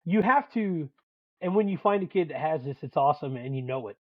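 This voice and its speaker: A man co-hosting a podcast, telling profane, animated stories in casual sports banter as a dad and coach. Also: on the high side, fairly quick, no echo, muffled recording. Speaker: podcast co-host.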